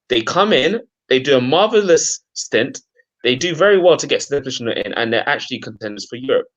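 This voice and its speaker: A young man makes his case in an insistent, deliberate way. His pitch moves lively up and down. The sound is muffled and lo-fi. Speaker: podcast co-host. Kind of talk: casual football chat. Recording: dull lo-fi mic.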